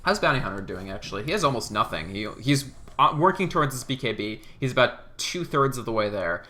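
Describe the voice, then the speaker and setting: A man casting a live online game tournament, excitable play-by-play with quick asides and laughter. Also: medium pitch. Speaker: esports caster.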